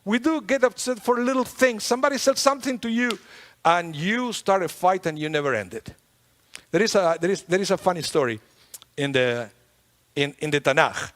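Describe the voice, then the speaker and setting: A man giving a sermon as a rabbi, talking in a conversational, lively way with playful humor. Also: high voice, normal speed. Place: synagogue sanctuary. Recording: long hall reverb in a large sanctuary.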